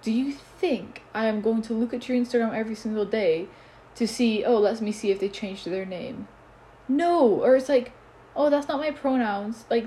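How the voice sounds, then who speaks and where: A woman's voice: medium pitch, mellow, slight background noise. A teenage girl hosting a solo podcast, ranting bluntly and swearing in a casual, exasperated way.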